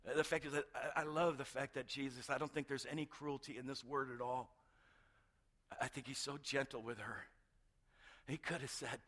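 A middle-aged male pastor preaching a sermon, retelling a story with hushed moments and emphatic build-ups. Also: medium pitch, normal speed. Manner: animated storytelling, swings between hushed and emphatic.

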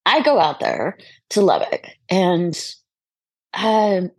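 A woman guest telling family stories in casual chat over a video call, animated and often laughing. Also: lowish voice, slow, dry recording, studio quality. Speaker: podcast guest.

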